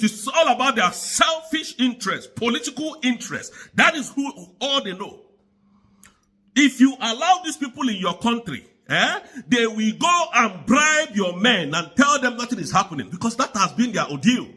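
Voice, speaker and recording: A man's voice: very high voice, very animated, moderate pace, sharp tone, slightly rough. A man from Nigeria delivering an angry, insistent political rant to the camera, repeating his points. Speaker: political commentator.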